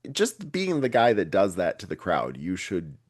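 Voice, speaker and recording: Guy hosting a podcast, kinda low voice, sardonic storyteller. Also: huge pitch swings, moderate pace, slightly rough, no echo, studio quality. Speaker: podcast host. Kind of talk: casual podcast chat.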